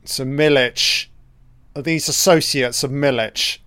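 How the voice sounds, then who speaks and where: Male film commentator, unhurried and crude, dry close sound, chatty reactions. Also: mid-range voice, steady tone, sharp tone, dry recording. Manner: profane, chatty reactions to the screen. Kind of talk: casual film watch-along commentary.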